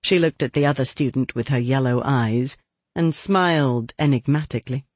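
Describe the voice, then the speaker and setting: A man reading a novel aloud as narrator, with expressive, lively storytelling. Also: medium pitch, moderate pace, dry recording. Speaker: audiobook narrator. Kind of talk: scripted narration.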